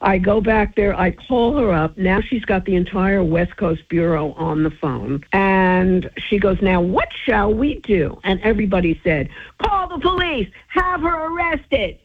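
A woman, an entertainment reporter, tells a lively story in an interview and acts out what each person said with sudden jumps in pitch. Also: measured pace, few pauses, husky. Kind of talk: animated anecdote in an interview. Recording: tinny phone-line audio.

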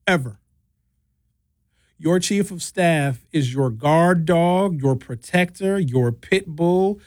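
Man, talk-show host, slightly high voice, outspoken, animated, dry close studio sound. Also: slow pace, no room sound. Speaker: radio and podcast host. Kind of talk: opinionated talk-show banter.

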